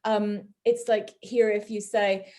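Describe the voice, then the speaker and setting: A woman's voice: mid-range voice, takes it slowly. Laughing Canadian woman in easy chat. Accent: Canadian, softened by years in England. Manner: chatty and animated, often laughing, puts on voices when quoting people. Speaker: guest. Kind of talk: casual conversation.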